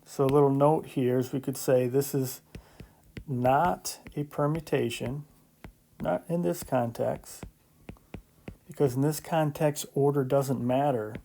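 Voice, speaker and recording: Mellow-voiced male math teacher explaining. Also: medium pitch, a little slow, creaky, slight background noise. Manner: conversational, explains step by step with frequent "so" and "right?"; lightly joking asides. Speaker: math instructor. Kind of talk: recorded classroom lecture.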